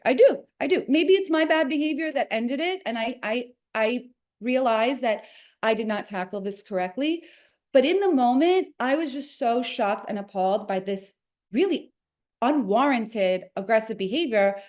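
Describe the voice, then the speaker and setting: A woman in her forties with a New Jersey accent, an interview guest telling a story with expressive quoted voices. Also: a little high, moderate pace. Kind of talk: animated storytelling.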